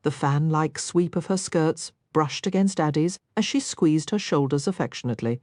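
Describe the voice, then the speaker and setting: A woman reading an audiobook aloud in expressive, measured scripted narration. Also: low voice, no room sound, studio quality.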